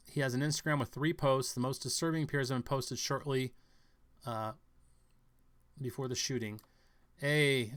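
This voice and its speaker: His mid-range voice is smooth and a little bright as he offers hesitant, speculative takes on the news. The man keeps thinking out loud, stumbling over fillers and starting sentences again.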